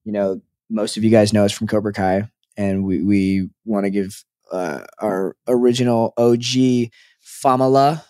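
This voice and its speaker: A man's voice: on the low side, fairly even intonation, a little slow, darkish tone, no echo, clean studio sound. A young adult man co-hosting a podcast in casual chat, rambling and playful with frequent restarts. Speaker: podcast co-host.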